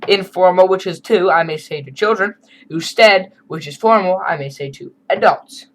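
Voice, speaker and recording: A man's voice: sits high, normal speed, a bit bright, rough recording. A man teaching a beginner Spanish lesson over a screen recording, explaining in a casual, chatty way with asides.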